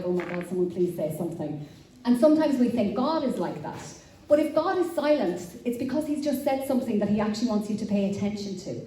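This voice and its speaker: Woman pastor, mellow tone, candid sermon storytelling, heard from a distance in a reverberant church hall. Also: mid-range voice, a little hiss or hum. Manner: candid, self-deprecating storytelling. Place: church auditorium.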